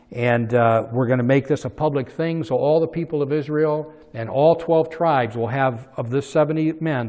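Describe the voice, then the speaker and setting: A man preaching a sermon, swinging from soft asides to loud, emphatic peaks as he retells a story. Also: mid-range voice, in a large hall. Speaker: pastor.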